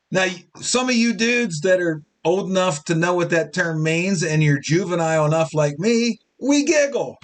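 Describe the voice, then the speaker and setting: A man's voice: high voice, measured pace. A man hosting a casual sports talk show, joking and a little tipsy, slipping into fan voices as he rants. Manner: animated, joking, mimics fans in quotes.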